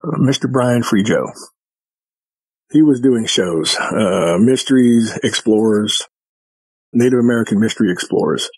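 A man with a husky voice on the low side talks a little slowly and pauses often, with no room sound behind him. As a podcast guest, he tells his own encounter stories in a rambling, folksy manner, vividly acting out the people he quotes.

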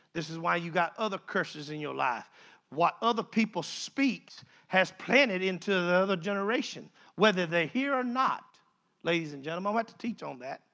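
An older man preaching a sermon, swinging from hushed storytelling to fervent exhortation. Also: fairly high pitch, gravelly. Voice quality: folksy Southern phrasing.

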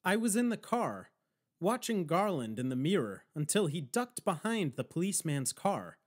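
A man tells the story in the first person, in a dry, wry narrating voice. His pitch sits a little high for a man and moves a lot. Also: big pitch swings, normal speed. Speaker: audiobook narrator.

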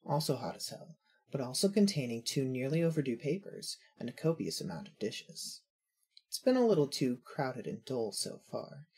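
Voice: medium pitch, sing-song, moderate pace, a little mellow, breathy edge. A narrator reading second-person fanfiction in a wry, observant way.

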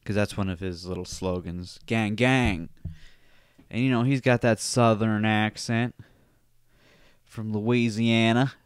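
A podcast host from Cape Breton in Canada, chatting in a rambling, wry and profane way. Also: male voice, on the low side, fairly even intonation, unhurried, clean tone, dry recording. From Cape Breton Island, Canada. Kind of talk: casual podcast chat.

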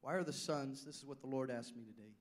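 A pastor preaching a sermon, swinging from loud declarations down to hushed asides. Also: male voice, mid-range voice, fast.

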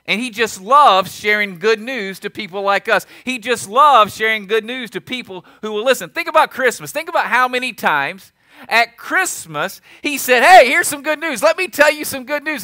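A man's voice: very high-pitched, pushed and bright, no echo. A man pastor preaching a sermon, repeating his key lines and asking the congregation questions.

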